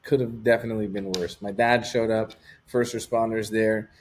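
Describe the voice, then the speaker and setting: A man's voice: lowish voice, little pitch movement, normal speed. A man talking as an interview guest, telling a personal story in a candid, rambling way with lots of casual fillers.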